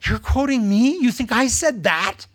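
A man voicing the apostle Paul as a scarred little man, shouting in high-pitched disbelief. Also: expressive, a little slow, exaggerated voice. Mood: exasperated. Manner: incredulous outbursts.

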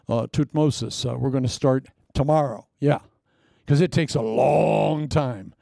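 A man preaching a sermon in an animated way, asking the congregation rhetorical questions. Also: medium pitch, gravelly, dry recording, clean studio sound.

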